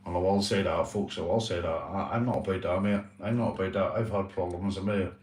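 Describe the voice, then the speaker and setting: A man's voice: deep voice, fairly even intonation, brisk, darkish tone, echoey room, distant mic, a little hiss or hum. A man hosting a casual livestream chat, talking earnestly and repetitively, swearing and calling his viewers "mate". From Northern Ireland. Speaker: livestream host.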